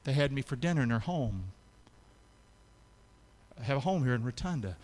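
A middle-aged man preaching a sermon as pastor, calling out questions to his congregation and rising to shouts. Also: mid-range voice, expressive, normal speed. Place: church sanctuary. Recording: long hall reverb.

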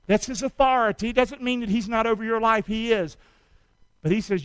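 Preacher guy, high voice, dry close sound, calls and response stuff. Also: normal speed, clean tone, no echo, low-quality recording. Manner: call-and-response preaching, shouting exhortations. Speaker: pastor. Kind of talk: sermon.

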